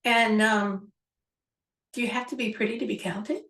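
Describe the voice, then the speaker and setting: A woman's voice: a little high, fairly even intonation, moderate pace, fairly bright tone. A woman hosting a show, musingly retelling a childhood story with a reflective, rambling manner. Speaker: host. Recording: echoey room, far from mic.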